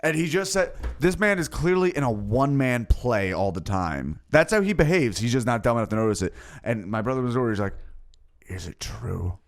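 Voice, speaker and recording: A man, a comedian co-hosting a podcast, telling dark stories in casual, profane, deadpan chat. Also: medium pitch, fairly quick.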